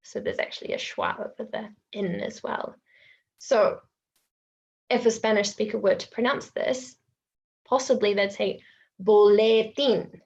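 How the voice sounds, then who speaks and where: Slow, gravelly-voiced New Zealand teacher. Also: female voice, mid-range voice, highs cut off. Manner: slow, patient, models words by repeating them. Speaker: English teacher. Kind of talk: online webinar lesson.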